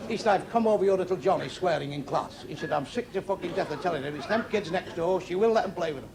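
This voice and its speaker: Blunt, crude gravelly stand-up comic. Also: male voice, high-pitched, animated. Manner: blunt, crude, brisk punchlines. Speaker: stand-up comedian. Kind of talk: stand-up joke telling to a live audience. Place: club stage before a seated audience. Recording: crowd laughter throughout a live club show. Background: audience laughing.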